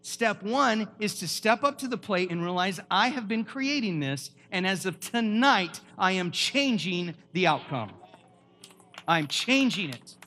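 Man, pastor, emphatic sermon, high voice, questions the crowd. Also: animated, unhurried, pushed and bright. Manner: preachy and emphatic, quizzing the audience.

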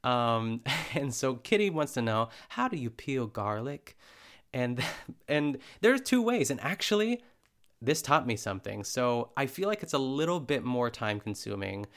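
Gravelly-voiced man hosting a chatty podcast. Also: medium pitch, very animated, unhurried, a bit bright. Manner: chatty, heavy use of filler words; laughs often while talking. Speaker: podcast host. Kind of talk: casual podcast recap.

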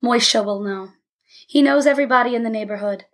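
A woman voicing a weary, gentle middle-aged immigrant father in a storybook reading, speaking in a mild, dry, sighing way. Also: fairly high pitch, a little fast, lightly acted.

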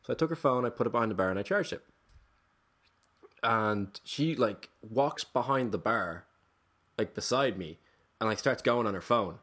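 A man who works as a bartender, telling a story on a podcast, animated, swearing freely and often restarting his sentences. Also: lowish voice, normal speed, pauses often, breathy edge. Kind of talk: casual storytelling.

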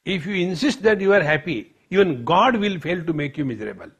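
A man's voice: high-pitched, animated, fairly quick, a bit bright, breathy edge. A man giving a spiritual discourse as a teacher, telling stories in a playful way and often addressing the audience as friends.

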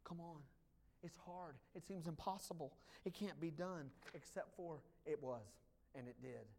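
A man preaching a sermon as pastor, swinging from hushed lines to loud ones and joking with the congregation. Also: fairly high pitch, normal speed, gravelly. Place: church.

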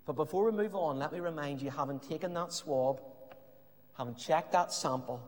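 A man preaching a sermon with impassioned, emphatic lines that sometimes drop to a hush. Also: a little high. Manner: impassioned preaching, rising emphatic lines, some hushed passages. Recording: long reverb of a hall.

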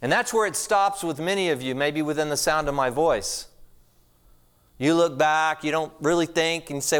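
Man, pastor, sermon, middle-aged, American, smooth clear voice, slightly high, chatty storytelling. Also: moderate pace. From United States. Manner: storytelling, conversational and animated.

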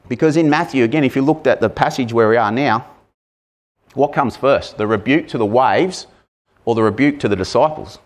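At medium pitch and moderate pace, a male preacher gives a casual sermon, asking the congregation questions as he goes. When acting out shouted lines, he breaks into sudden loud bursts.

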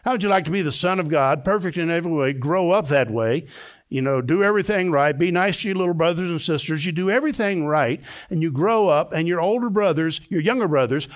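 An older male pastor delivers a sermon from a church sanctuary, his voice sitting a touch high for a man. He preaches with emphasis and often lifts into high, excited bursts. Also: fairly quick.

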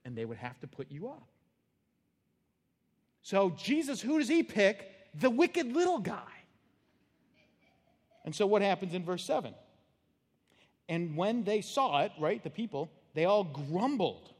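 A male pastor with a somewhat high voice delivers his sermon in a loose, conversational way, acting out little scenes and laughing at his own jokes. His voice carries a long reverb, as if in a large church sanctuary. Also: very animated, a little slow, long pauses, husky.

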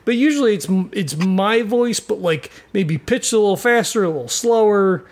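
A man with a notably high voice chats loosely on a podcast, circling his point with many fillers and restarts. He laughs now and then as he talks through his games. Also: lively intonation, normal speed. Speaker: regular podcast player. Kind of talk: casual chat.

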